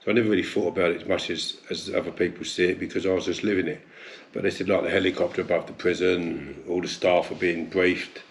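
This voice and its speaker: A middle-aged Englishman with a lowish voice chats as an interview guest and tells his stories with animation and frequent laughter. Faint noise sits under the voice. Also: steady tone, fast talker, hardly any pauses. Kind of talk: casual chat.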